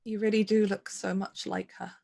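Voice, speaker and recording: A woman's voice: medium pitch, flat delivery, moderate pace, gravelly, dark tone. A woman voicing Mara, a grieving noblewoman who speaks earnestly and apologetically to her estranged younger sister, in a tabletop role-play. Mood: remorseful.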